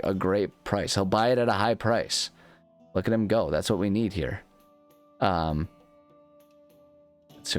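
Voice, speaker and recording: Rambling, jokey man with a low voice. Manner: jokey, rambling, self-mocking. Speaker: gaming channel host. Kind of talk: let's play commentary.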